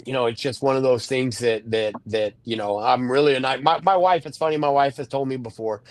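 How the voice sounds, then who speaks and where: A man's voice: medium pitch, fairly quick, no echo. A middle-aged man, a wrestling manager, answering interview questions in a rambling way, full of fillers and restarts. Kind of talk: candid podcast interview.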